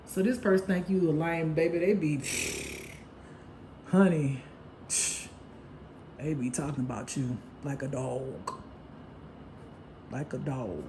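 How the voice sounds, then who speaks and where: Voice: mid-range voice, takes it slowly, pauses often, background noise. An intuitive tarot reader giving a casual spiritual reading monologue, blunt and profane, laughing often as they act out gossip.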